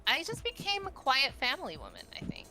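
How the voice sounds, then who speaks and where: Bright-voiced woman in her thirties. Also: high voice, brisk, soft background music, low-quality recording. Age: 30s. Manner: rambling, animated storytelling with fillers. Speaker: podcast guest. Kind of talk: casual podcast chat.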